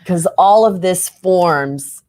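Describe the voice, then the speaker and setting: Woman interview host, very low voice, encouraging and affirming. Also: takes it slowly, dry recording. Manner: warm affirming interviewer, frequent mm-hmms. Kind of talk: live interview conversation.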